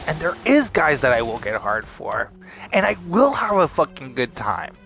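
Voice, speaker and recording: Man ranting to camera, fairly high voice, swears a lot, says like constantly, faint music underneath. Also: a bit bright. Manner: heated, swearing, heavy use of "like". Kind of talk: profane unscripted rant to camera.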